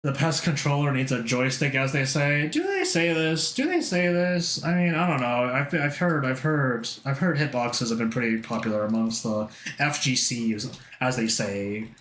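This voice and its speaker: A man's voice: mid-range voice, fairly even intonation, moderate pace, few pauses, fairly bright tone, a little hiss or hum. A man streaming live, chatting casually to his viewers, rambling and self-mocking with lots of swearing. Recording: roomy echo.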